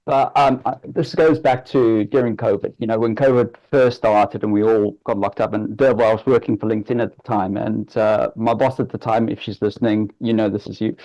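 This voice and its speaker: A man's voice: fairly low pitch, steady tone, brisk, hardly any pauses, mellow, low-quality recording. A man on a work panel telling a personal story in an earnest, emotional, chatty way. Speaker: panel guest.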